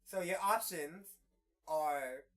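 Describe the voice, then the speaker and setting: A woman's voice: low-pitched, takes it slowly, fairly bright tone. Rambling young woman podcast host. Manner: rambling storyteller, lots of "like" fillers. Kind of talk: casual podcast chat.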